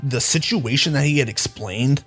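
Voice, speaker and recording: A man's voice: medium pitch, moderate pace, faint music behind. A man narrating a tabletop game as dungeon master, in a casual, loose way with many fillers.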